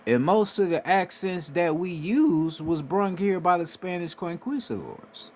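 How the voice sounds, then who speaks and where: There's slight background noise as a spiritual commentator from the United States speaks, his voice high-pitched, expressive and darkish in tone, his pace a little slow. His monologue is casual and emphatic, full of free swearing and repeated "right?" to drive points home.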